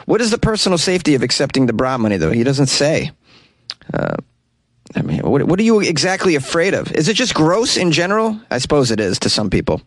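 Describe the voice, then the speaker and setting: A man's voice: on the high side, very animated, a little fast, no echo. Joking American man, dry sound. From United States. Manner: joking, irreverent, chuckling asides. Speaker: comedy podcast host. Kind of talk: comedic news commentary.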